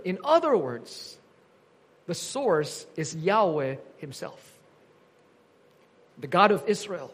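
A man's voice: extremely high pitch, slow pace, pauses often, fairly bright tone. A man preaching an earnest teaching sermon, quoting scripture with emphasis.

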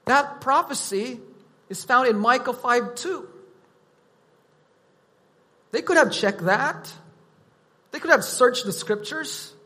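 A man preaching a sermon, teaching in a deliberate, emphatic way. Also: very high-pitched, sharp tone, long reverb tail.

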